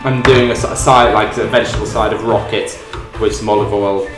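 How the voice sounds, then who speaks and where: A man's voice: lowish voice, fairly even intonation, a little fast. A young British man hosting a livestream, chatting casually and rambling with many ums while he cooks. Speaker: livestream host. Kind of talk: casual chat while cooking and reading chat. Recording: roomy echo, faint music behind.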